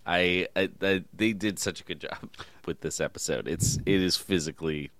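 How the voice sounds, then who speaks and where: A man co-hosting a podcast, talking casually in a halting way, searching for words and repeating himself. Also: low-pitched, a bit bright, no room sound. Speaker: podcast co-host. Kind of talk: casual chat.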